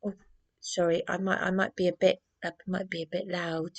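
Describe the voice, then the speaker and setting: A woman vlogger rambles through a personal monologue, agitated and aggrieved, restarting often as she rants. Her voice is lowish, gravelly, and husky, with a level tone and normal speed.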